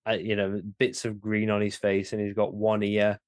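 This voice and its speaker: A low-voiced man chats on a podcast, animated and incredulous. His voice is dry and close, with no room sound. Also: dry recording. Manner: animated, quick, swearing, incredulous. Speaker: podcast co-host. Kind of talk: casual chat.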